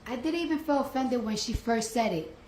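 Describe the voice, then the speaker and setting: Brief: woman witness on the stand, blunt and slangy, fairly high voice, roomy courtroom audio with light noise. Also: brisk, darkish tone. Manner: blunt, colloquial, retells events with quoted dialogue. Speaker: trial witness. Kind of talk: courtroom testimony.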